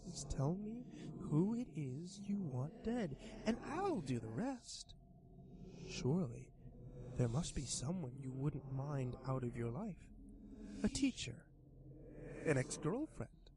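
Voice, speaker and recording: A man voicing a sly, sharp-toothed pastel monster that bargains in a slow, drawn-out, purring manner in a read horror story. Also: a little high, big pitch swings, background noise. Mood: sly coaxing. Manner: bargaining, coaxing, then cold and threatening.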